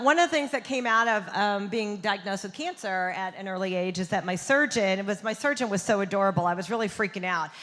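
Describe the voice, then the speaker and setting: A woman's voice: medium pitch, fairly bright tone, a little hiss or hum. A woman doing a stand-up comedy set, chatty and punchy with the crowd. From Southern United States. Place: theater stage. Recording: long reverb of a performance hall.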